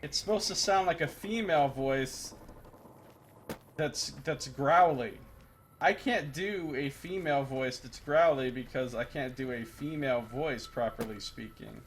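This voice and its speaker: A man's voice: medium pitch, normal speed, few pauses, slight background noise. A man streaming a game live, chatting casually with his viewers and cracking profane jokes. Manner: profane, joking asides to chat. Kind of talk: casual live-stream commentary while gaming.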